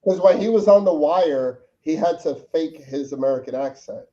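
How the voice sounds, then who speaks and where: A man's voice: a little high, normal speed, dark tone. A man co-hosting a casual movie podcast, joking around and swearing freely. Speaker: podcast co-host. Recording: dull lo-fi mic.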